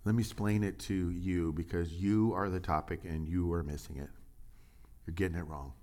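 A man preaching a relaxed, conversational sermon in a slightly low voice. He jokes, muses aloud and fires questions at the congregation. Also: moderate pace. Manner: chatty and jokey, asks the audience questions. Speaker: pastor. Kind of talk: casual sermon and Bible study.

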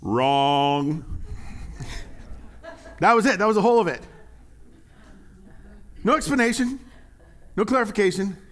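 A man preaching a sermon in a conversational, animated way, acting out little quotes as he goes. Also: sits high, a little fast, long pauses. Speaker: pastor.

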